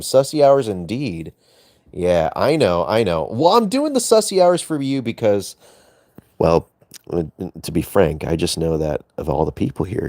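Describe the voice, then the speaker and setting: A man's voice: deep voice, creaky, warm tone, no room sound, clean studio sound. A young man chatting casually to his viewers on a late-night livestream, playful and teasing with joking innuendo.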